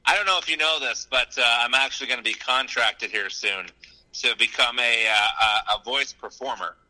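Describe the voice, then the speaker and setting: A man co-hosting a podcast, chatting in an animated, joking way. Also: mid-range voice, moderate pace, low-quality recording. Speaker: podcast co-host. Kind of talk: casual chat.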